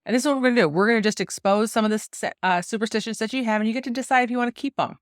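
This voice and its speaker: A woman in her forties from the United States, hosting a solo podcast and telling stories in a chatty, lively way with frequent laughs. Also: fairly high pitch, racing, smooth, no room sound, clean studio sound. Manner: chatty, animated storytelling with laughs. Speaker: podcast host and golf coach.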